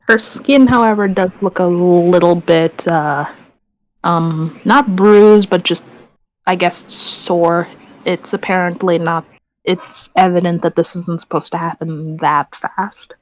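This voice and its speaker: A woman playing a tabletop game, describing things in a rambling, halting way full of restarts. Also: on the low side, steady tone, low-quality recording. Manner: rambling, halting, self-correcting. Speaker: player. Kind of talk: casual tabletop game chat.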